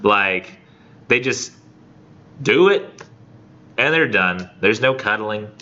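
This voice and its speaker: A man teaching a college English class, reading poetry aloud and then paraphrasing it in a casual, animated way full of fillers. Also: on the low side, slow, lo-fi sound.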